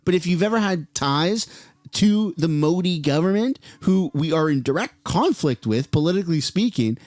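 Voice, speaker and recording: A man's voice: fairly high pitch, expressive, normal speed, darkish tone, no room sound. A man from Canada whose first language is French, giving blunt, profane reaction commentary in a casual, ranting way. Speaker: political commentator.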